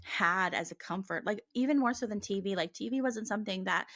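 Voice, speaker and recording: A chatty woman co-hosts a relaxed podcast conversation at a mid-range pitch. Her voice sounds dry and close, with no room around it. She talks loosely and sometimes reads text aloud. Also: a little fast, no echo. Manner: chatty, heavy use of "like", reads passages aloud. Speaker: podcast co-host and medium. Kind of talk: casual chat.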